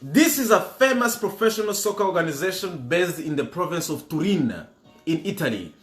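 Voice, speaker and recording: A man's voice: high voice, big pitch swings, a little fast. A man hosting a livestream trivia game, playful and switching languages while greeting viewers by name. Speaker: quiz host. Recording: roomy with music behind.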